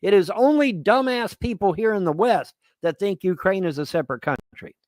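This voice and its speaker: A man's voice: sits high, expressive, moderate pace, no room sound. A man hosting a live-stream commentary, rambling and sarcastic with crude language, on a close desk mic. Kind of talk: casual ranting commentary.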